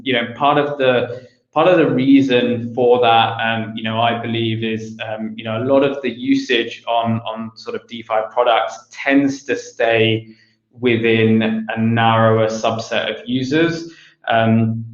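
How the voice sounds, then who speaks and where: A man giving an online conference presentation, hesitant with many fillers and restarts, on a video call mic with roomy, dull audio. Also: medium pitch. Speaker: conference speaker.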